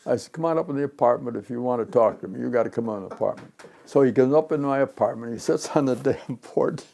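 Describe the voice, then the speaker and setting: A man in his nineties from Chicago, an interviewee and retired pinball designer telling memories in a rambling, animated way, acting out the voices of people in his stories. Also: mid-range voice, fast, creaky. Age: 90s. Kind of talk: reminiscing storytelling.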